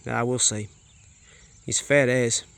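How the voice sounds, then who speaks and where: A man's voice: medium pitch, fairly even intonation, takes it slowly, creaky, a bit bright, smooth, dry recording. A man with a New Zealand accent vlogging casually outdoors on his farm, chatting to the camera and talking to his dogs and animals. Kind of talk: casual farm vlog narration.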